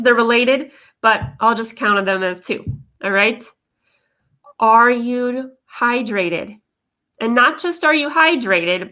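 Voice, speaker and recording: A woman's voice: on the high side, sharp tone. A woman vocal coach giving a chatty, upbeat live lesson on voice care, often checking in with her viewers. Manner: upbeat, chatty, addresses viewers directly with frequent check-ins.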